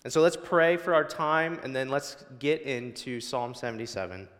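A man's voice: medium pitch, normal speed, fairly bright tone, in a large hall. A male guest preacher delivering a sermon in a church, building emphasis through repetition. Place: church sanctuary.

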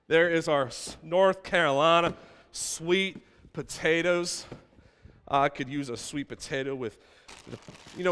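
Male pastor, fairly high voice, playful preaching, church hall reverb. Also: a bit bright, clear, resonant tone. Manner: playful, asks the congregation questions. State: out of breath. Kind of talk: sermon with props. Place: church stage.

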